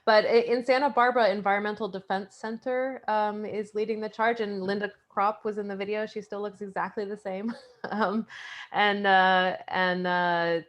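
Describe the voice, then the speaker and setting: A woman's voice: medium pitch, little pitch movement, normal speed. A woman on a video call, speaking as an environmental advocate on a panel in a friendly way. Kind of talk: casual online panel chat.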